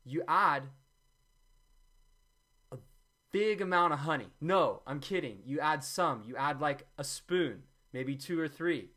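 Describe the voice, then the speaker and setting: A man's voice: fairly high pitch, lively intonation, measured pace, long pauses, sharp tone. A man giving a homemade juice recipe in a rambling, jokey way, often taking back his own jokes. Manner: jokey, rambling, often backtracks with "I'm kidding". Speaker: vlogger demonstrating a juice recipe. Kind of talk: joking, rambling how-to talk.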